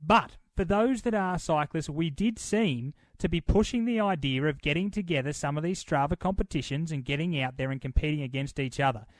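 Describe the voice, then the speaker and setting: A man with an Australian accent co-hosting a podcast, tossing in jokey deadpan asides. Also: fairly high pitch, brisk, few pauses, dry recording. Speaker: podcast co-host. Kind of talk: casual comedic podcast chat.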